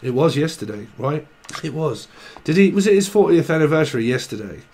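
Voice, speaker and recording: A man's voice: on the high side, big pitch swings, brisk, darkish tone. Rambling man giving a tarot reading. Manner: rambling, laughing, drifting into snatches of song. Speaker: tarot reader. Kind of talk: casual tarot reading to camera.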